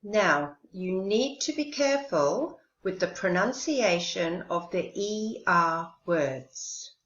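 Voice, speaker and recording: A woman teaching an English lesson, speaking slowly and carefully and modelling pronunciation clearly. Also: lowish voice, lively intonation, a bit bright, slight background noise. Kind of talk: recorded language lesson. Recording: roomy, dull lo-fi sound.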